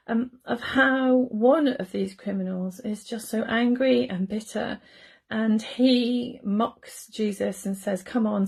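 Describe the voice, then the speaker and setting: A woman with an English accent gives a gentle, heartfelt Good Friday reflection. Her voice is husky and gravelly, with a mellow, slightly raised pitch. She speaks conversationally, like a minister talking to her congregation. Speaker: church minister.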